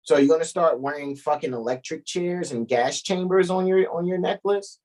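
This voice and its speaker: A man's voice: a little high, moderate pace, a little mellow, poor audio. A man co-hosting a casual podcast chat, blunt and profane with a preachy edge. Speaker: co-host.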